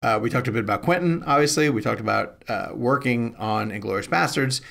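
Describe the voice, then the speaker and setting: Brief: male podcast host, gravelly voice, upbeat and eager. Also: medium pitch, a little fast, a bit bright. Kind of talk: casual podcast chat.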